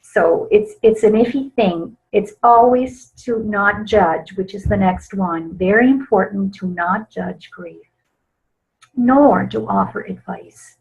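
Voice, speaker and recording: Slow, gentle woman teaching. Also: mid-range voice, gravelly. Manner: slow, gentle, soft-spoken, with frequent small laughs. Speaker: grief educator presenting a webinar. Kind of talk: teaching webinar talk. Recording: slightly dull lo-fi webinar audio.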